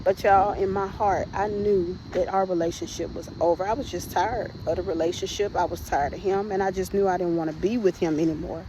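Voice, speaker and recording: A woman's voice: fairly low pitch, fairly even intonation, a little fast, few pauses, background noise. Woman telling a personal testimony. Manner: conversational, addresses listeners as "y'all", frequent restarts. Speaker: podcast host sharing her testimony.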